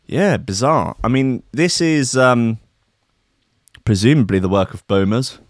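A young man hosts a comedy podcast from Britain, riffing loosely and swearing freely. His voice sits at an ordinary pitch. The recording is dry and close, with no room sound. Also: measured pace, dry recording. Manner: profane, riffing, slips into mock voices. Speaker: podcast host. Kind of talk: rambling comedic chat.

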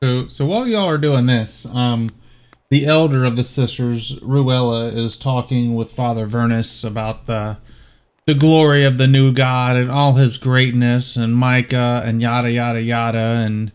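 A man's voice: mid-range voice, fairly even intonation, unhurried, clear, resonant tone. Hesitant man narrating as game master. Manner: rambling, hesitant with fillers.

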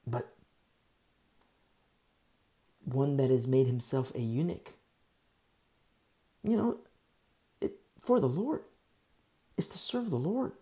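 A man's voice: medium pitch, big pitch swings, takes it slowly, pauses often, mellow. A man, the church's pastor, preaching a sermon, going through scripture verse by verse, repeating key phrases for emphasis and asking his listeners rhetorical questions.

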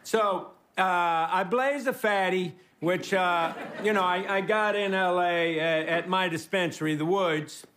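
A man's voice: sits high, unhurried, hardly any pauses. A man giving a rambling, self-mocking comedic monologue before a live audience, often laughing as he talks. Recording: archive clip with loud audience and noise.

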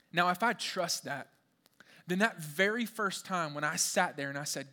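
A young man delivers a sermon in a high, bright voice. He preaches in an animated, conversational way and keeps turning to the crowd with questions. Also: moderate pace. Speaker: pastor.

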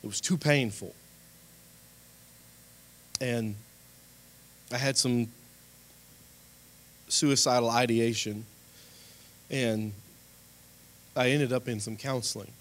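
A man preaching a sermon and telling his own story, his voice often rising and growing loud at emphatic points. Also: mid-range voice, steady tone, slow, long pauses. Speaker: pastor. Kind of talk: sermon with personal testimony.

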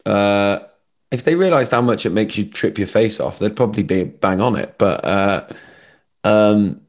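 Podcast guest, man with a low voice, chatty and animated. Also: measured pace. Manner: animated storyteller, lots of fillers. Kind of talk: casual chat.

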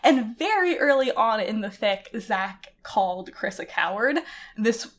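A woman's voice: mid-range voice, animated, measured pace. A woman co-hosting a podcast, chatting casually and animatedly about a story, laughing often and using lots of filler words. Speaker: podcast co-host.

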